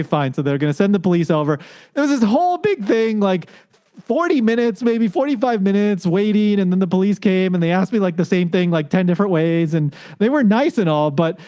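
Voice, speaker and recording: A man from the United States with a high voice talks through a story as a podcast guest. He is animated and lifts his pitch to act out what the people in the story said. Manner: animated, acts out quoted voices with rising pitch. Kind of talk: casual storytelling.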